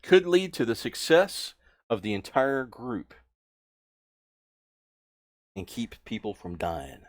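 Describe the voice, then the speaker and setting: A man's voice: medium pitch, big pitch swings, slow, dry recording. Patient male game master, dry sound. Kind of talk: narrating a tabletop game.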